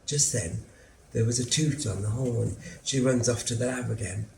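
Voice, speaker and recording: An actor playing a lonely, anxious middle-aged son who lives with his mother, telling his story slowly and drily in a theatre monologue. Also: medium pitch, vocal fry, natural voice. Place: theatre stage. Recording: roomy theatre sound, faint hum.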